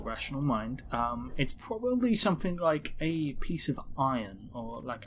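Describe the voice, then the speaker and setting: A man's voice: medium pitch, fairly bright tone, a little hiss or hum. A man, a tabletop game player, casually thinking aloud about his character's moves. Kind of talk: describing his character's actions.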